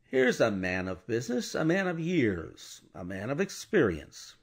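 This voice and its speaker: A blustering, pushy middle-aged lawyer, as a male narrator puts him on in an audiobook, pressing his case loudly and indignantly. His husky voice is raised above the narration and swings widely in pitch. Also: wildly swooping pitch, unhurried, heavily acted.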